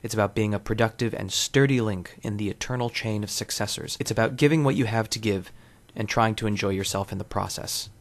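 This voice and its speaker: A man hosting a podcast, reading wordy, wry essays in a deadpan way. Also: lowish voice, a little fast. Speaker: podcast host. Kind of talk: scripted essay narration.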